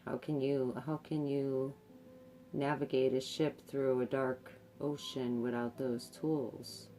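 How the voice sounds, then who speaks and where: A woman's voice: very deep voice, little pitch movement, slow pace, warm tone, faint music behind. A woman giving a tarot reading, speaking hesitantly with many fillers and repeated words. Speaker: tarot card reader. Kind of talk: intuitive tarot reading to camera.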